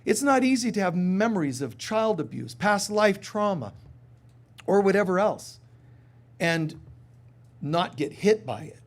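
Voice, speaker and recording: A man giving a live sermon in a casual, humorous way, who acts out little voices and drops to soft, quiet tones on serious points. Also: sits high, sing-song, measured pace, long pauses. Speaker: spiritual teacher.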